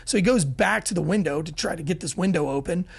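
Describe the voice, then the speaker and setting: A man with a gravelly, husky voice tells war-story style anecdotes as a podcast guest. He talks fast and animated, swears freely and trips over restarts as he mocks himself. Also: high voice. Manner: rapid, self-deprecating, frequent restarts. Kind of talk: animated storytelling, casual and profane.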